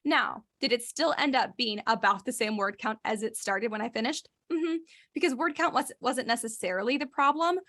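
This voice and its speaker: Chatty woman podcast co-host. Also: moderate pace. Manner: chatty, animated, acts out quotes in a higher voice. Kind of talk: casual chat.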